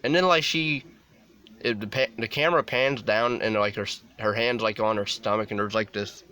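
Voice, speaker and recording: Low, bright-voiced man rambling a review. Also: fairly even intonation, normal speed, clear, resonant tone. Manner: rambling, many restarts and "like" fillers. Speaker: movie reviewer. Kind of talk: casual unscripted film review.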